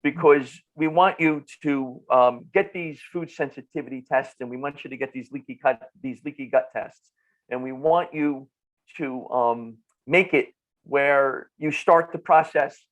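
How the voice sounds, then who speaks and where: A man in his fifties with a North Jersey accent, a nutritionist guest talking in an animated way and often repeating words. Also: fairly high pitch, lo-fi sound. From New Jersey. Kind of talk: casual podcast interview.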